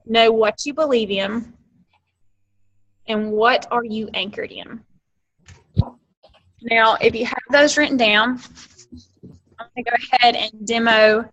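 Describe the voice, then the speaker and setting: A woman with an Alabama accent gives an earnest pep talk to a team over a conference call. Her voice is bright and forceful and sits a little high. She drives her points home with emphasis. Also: poor audio. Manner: earnest, emphatic, acts out quoted exchanges. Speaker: guest speaker on a team coaching call. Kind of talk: motivational talk. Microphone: phone or computer on a conference call.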